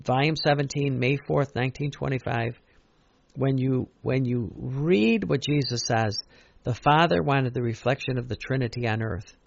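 A man's voice: mid-range voice, moderate pace, creaky, dull audio, slight background noise. A man preaching a sermon in an earnest, repetitive way, stressing key phrases and often restarting.

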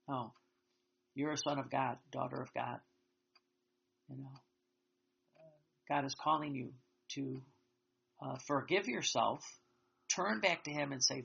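A man giving an earnest, reflective spiritual talk, slow and halting with many restarts. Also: mid-range voice, vocal fry, sharp tone, husky. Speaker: religious teacher. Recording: dull lo-fi sound.

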